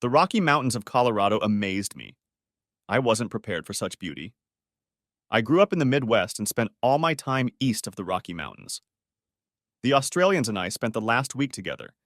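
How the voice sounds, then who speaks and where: A man's voice: lowish voice, sing-song, moderate pace, a bit bright, dry recording, studio quality. Man reading a first-person story. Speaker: narrator.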